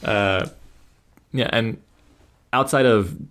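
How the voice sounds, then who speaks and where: A man's voice: lowish voice, slow, fairly bright tone. A man co-hosting a podcast, talking in an opinionated, rambling casual chat. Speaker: podcast co-host.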